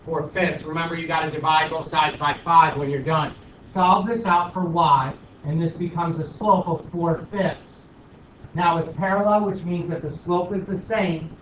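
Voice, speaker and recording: A man's voice: on the high side, fairly even intonation, moderate pace, distant mic, a little hiss or hum. A man teaching a math class, questioning students and joking as a self-declared stickler. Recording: roomy, dull, from across the room.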